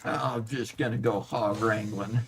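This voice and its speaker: A man's voice: on the low side, fairly even intonation, measured pace, noisy background, voice pushed down. A man putting on a folksy Southern drawl as a comic voice during a live game stream. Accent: American Southern.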